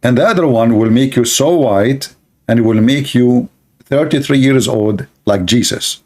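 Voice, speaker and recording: A man's voice: medium pitch, a little slow, a little mellow. A man giving mocking commentary on religious texts, sarcastic and laughing at his own jokes.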